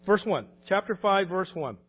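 A man's voice: high-pitched, lively intonation, moderate pace, slightly rough, highs cut off. A man in his late forties or older preaching a sermon in a conversational, anecdotal way, often laughing as he talks. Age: late 40s or older. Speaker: pastor.

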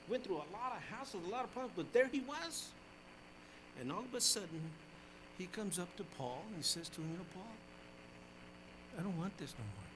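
An older man preaching a sermon as pastor, his voice swinging from loud exclamations down to quiet asides. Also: high voice, background noise.

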